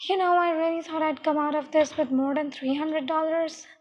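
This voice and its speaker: A woman plays a cold young female killer in an audio story, teasing and slow with menace. The voice sits high and sounds dull, with a long echoing reverb around it. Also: flat delivery, a little hiss or hum, close to an everyday voice. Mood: mocking.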